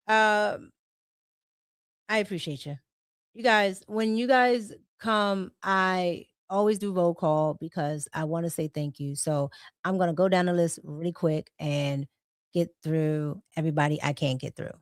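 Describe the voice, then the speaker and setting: A woman's voice: mid-range voice, fairly bright tone, no echo. Chatty woman livestream host, dry sound. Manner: chatty, laughs often, repeats phrases. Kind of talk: casual livestream chat, reading super chats.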